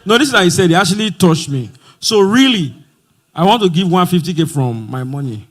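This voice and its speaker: A man with a Nigerian accent hosting a live event, loud and joking with the crowd. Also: high voice, lively intonation, fairly quick. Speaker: event host. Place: conference hall with music and crowd.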